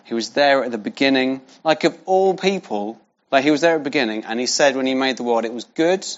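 A man's voice: mid-range voice, expressive, brisk. A man preaching a sermon in a conversational way, repeating key phrases for emphasis. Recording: dull lo-fi sound.

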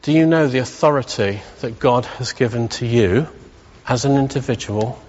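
A man's voice: medium pitch, normal speed, darkish tone. A middle-aged man preaching a sermon in a church, emphatic and building to rousing repetition. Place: church hall. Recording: dull reverberant church hall.

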